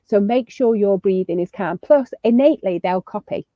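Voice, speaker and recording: A woman's voice: mid-range voice, normal speed, dry recording. A woman giving chatty, upbeat parenting advice as a guest on a video call, with lots of fillers and restarts. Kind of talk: casual advice chat. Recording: slightly muffled lo-fi audio.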